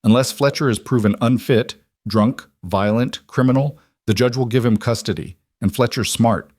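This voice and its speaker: A man voicing a struggling rancher who speaks in a flat, defeated way. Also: medium pitch, normal speed, no room sound, clean studio sound, voice pushed up, lightly acted.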